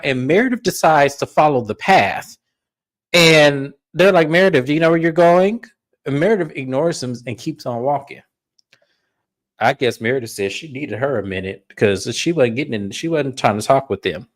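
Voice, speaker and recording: A man of average pitch co-hosting a laid-back recap show. He retells scenes with lively storytelling energy. He slips into other people's voices as he quotes them. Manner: animated storytelling, acts out quotes. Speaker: co-host. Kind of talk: casual reality TV recap.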